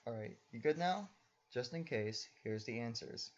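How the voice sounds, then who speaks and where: Young male teacher, patient and methodical voice-over, medium pitch, slightly muffled lo-fi mic. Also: animated, moderate pace, darkish tone, slight background noise. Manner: patient, step-by-step instructing. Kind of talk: recorded lesson voice-over.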